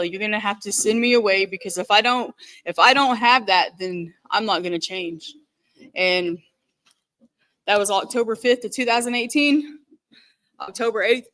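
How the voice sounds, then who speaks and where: A woman telling her recovery story in an earnest, candid way, halting often and repeating herself with many fillers. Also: mid-range voice, fairly bright tone. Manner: halting, repetitive, with many "you know" fillers. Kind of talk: personal recovery testimony.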